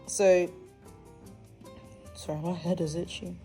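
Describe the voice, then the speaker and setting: A woman's voice: lowish voice, level tone, slow, mellow, faint music behind. A young woman hosting a podcast, talking candidly and animatedly in a casual monologue with slangy, dramatic asides. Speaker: podcast host.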